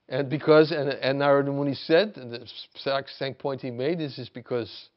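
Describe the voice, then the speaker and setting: A man giving a reflective talk as a spiritual teacher, halting and restarting often, rising to emphasis as he retells a story. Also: medium pitch, dull audio. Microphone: video call.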